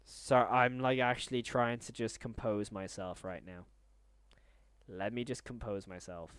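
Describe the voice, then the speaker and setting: A man live streaming, stunned and repeating himself in disbelief, swinging between loud outbursts and low muttering. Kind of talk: live stream reaction to chat.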